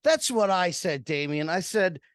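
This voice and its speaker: A man's voice: sits high, very animated, a little slow, fairly bright tone, clear, resonant tone, dry recording, studio quality. A man co-hosting a casual podcast chat, joking and teasing the others. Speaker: podcast co-host.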